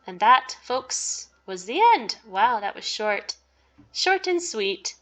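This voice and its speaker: A woman's voice: on the high side, very animated, takes it slowly, a bit bright, faint music behind. Playful woman reading a game aloud. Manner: playful, jokey asides and giggles between narrated lines. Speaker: game streamer. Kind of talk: reading a visual novel aloud with commentary.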